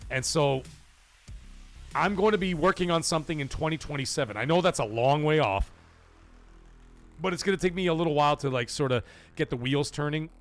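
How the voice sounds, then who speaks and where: A middle-aged man hosts a live stream in a loose, rambling way, swearing freely as he tells personal stories and reads out viewer messages. His voice sits at an ordinary middle pitch. Faint music plays quietly underneath. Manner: profane, rambling, emotional storytelling; reads viewer super chats aloud. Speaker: livestream host. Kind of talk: casual live-stream chat.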